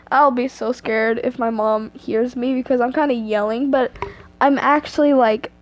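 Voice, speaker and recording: Teen girl, high voice, reads fanfic aloud, giggly, chatty asides, earphone mic at home. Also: a little slow. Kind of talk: reading fanfiction aloud with commentary.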